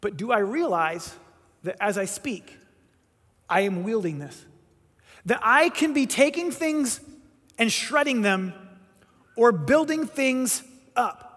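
Man preaching, very high voice, emphatic storytelling, long hall reverb. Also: animated, slow, long pauses, fairly bright tone. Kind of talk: sermon.

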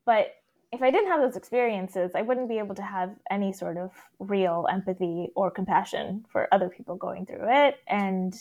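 A woman's voice: mid-range voice, darkish tone. A woman speaking as a podcast guest, earnest and reflective, with many fillers like "like" and "you know". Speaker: podcast guest and career coach. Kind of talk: casual conversational interview.

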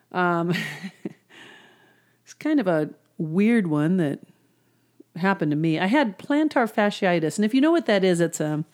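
A woman's voice: lowish voice, darkish tone. A woman hypnotherapist telling stories of her client sessions in an earnest, conversational way. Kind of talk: storytelling about client sessions.

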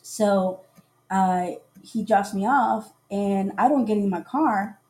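Speaking slowly in a mid-range voice, a woman relates a dating story on her laid-back live podcast. She brings it to life with laughter and by performing people's words.

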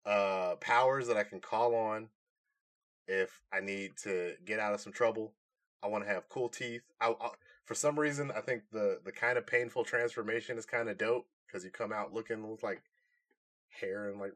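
A man co-hosting a podcast in casual chat, animated and laughing often. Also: on the low side, moderate pace. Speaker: podcast co-host.

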